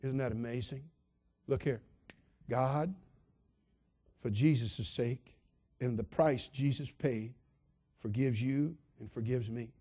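A male pastor delivering an emphatic, repetitive sermon, dropping soft and then building loud. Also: mid-range voice, slow pace, long pauses.

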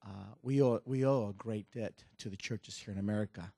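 Brief: middle-aged male missionary preacher, halting delivery, dry close mic. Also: fairly low pitch, creaky, breathy edge, no room sound. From Mexico. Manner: warm, halting with restarts, building to loud preaching. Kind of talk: sermon with joke and scripture reading.

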